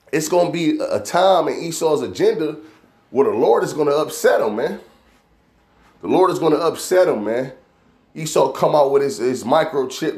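Male preacher, mid pitch, repetitive "man" cadence, slow deliberate verse readings, roomy echo. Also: a little mellow. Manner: repeats "man" after nearly every phrase; reads verses slowly and deliberately. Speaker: street preacher.

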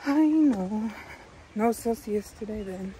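A woman's voice: medium pitch, expressive, takes it slowly, warm tone, rough recording. A young woman vlogging from her car, talking casually and swearing freely as she vents about her day. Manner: venting, swears freely, exasperated. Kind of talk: casual vlog talk. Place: inside a car. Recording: car noise behind the voice. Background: car and road noise.

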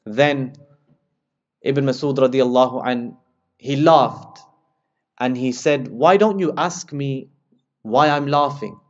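A man giving a religious lesson, retelling narrations with lively storytelling and speaking directly to his listeners as brothers. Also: measured pace. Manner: lively storytelling, rises in pitch and volume when quoting dialogue. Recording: slightly dull lo-fi recording.

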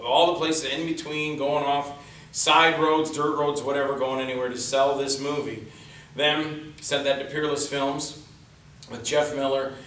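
A man telling animated stories on a convention panel, acting out what others said in raised voices. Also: medium pitch. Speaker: indie film actor and stuntman, panelist. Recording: roomy hall from far off, faint noise.

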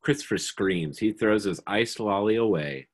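A reader calmly reading stage directions aloud in a live script reading. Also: deep voice, normal speed, husky.

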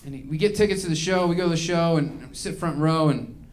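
A man works through a live stand-up set in a small venue. His voice sits a little higher than most men's. He rants, rambles and swears freely as he goes. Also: fairly quick. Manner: ranting, profane, rambling. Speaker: stand-up comedian.

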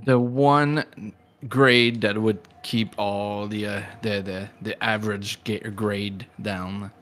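Male stream host, casual and rambling, unhurried delivery with soft music underneath. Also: lowish voice, steady tone. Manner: rambling and self-deprecating, laughs often. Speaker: livestream host. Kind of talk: casual live-stream chat.

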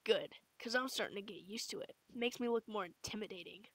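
A woman voicing a hot-tempered, foul-mouthed teenage boy in a fan comic dub, talking gruffly. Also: medium pitch, brisk, dry recording, close to an everyday voice, poor audio. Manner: gruff, cursing.

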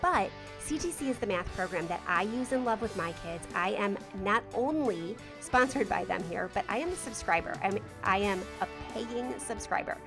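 A woman's voice: mid-range voice, lively intonation, normal speed, hardly any pauses. A woman podcast host doing an enthusiastic sponsor read. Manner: upbeat, enthusiastic endorsement. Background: clear music.

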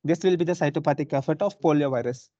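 A young man with an Indian English accent lectures online, explaining point by point with many "uh"s and calls to his students. His tone is mellow and soft-edged. The recording is dry and dull, like a modest lo-fi mic. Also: fairly high pitch, fast talker, no echo. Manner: explanatory, frequent "uh" and "so", checks on students. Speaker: university lecturer.

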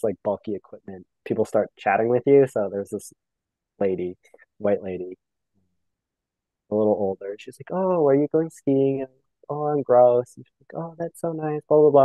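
A man's voice: on the low side, dark tone, dry recording, poor audio. A young Canadian man speaking reflectively as a podcast guest, often acting out the voices of people he quotes. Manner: reflective, filler-heavy, acts out quoted exchanges. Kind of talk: casual conversation.

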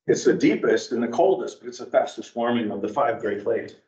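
A man speaking as a guest at an adult education class, wandering from point to point in an animated, storytelling way. He sounds distant from the mic in a roomy church space. The recording is dull and lo-fi. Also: mid-range voice, brisk. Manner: rambling, digressive, animated storyteller. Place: church meeting room.

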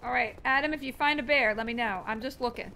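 A woman hosting a casual let's-play with friends, excitable and exclamatory, calling out orders to her teammates over voice chat. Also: a little high, fast talker, slight background noise. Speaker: host.

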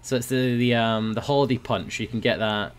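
A young man giving playful commentary over a video game, breaking into loud high yells when the action heats up. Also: fairly even intonation, fairly quick, smooth. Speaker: gaming video host. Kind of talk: casual gameplay commentary.

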